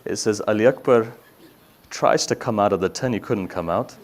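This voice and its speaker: A man giving a mourning sermon, reciting slowly and rising to loud grieving cries. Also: on the low side. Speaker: Shia religious speaker.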